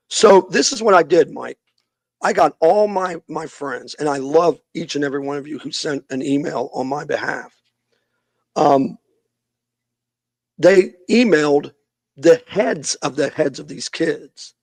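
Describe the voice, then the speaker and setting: Gravelly middle-aged man telling a story. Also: on the high side, unhurried, pauses often, no room sound. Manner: animated storyteller, acts out quoted people. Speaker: youth minister, podcast guest. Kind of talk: casual interview storytelling.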